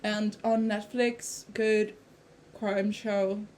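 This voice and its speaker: A woman's voice: medium pitch, level tone, extremely slow, a little mellow, slight background noise. Chatty woman co-host. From Italy. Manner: chatty, with frequent fillers and self-corrections. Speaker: podcast co-host. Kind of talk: casual chat.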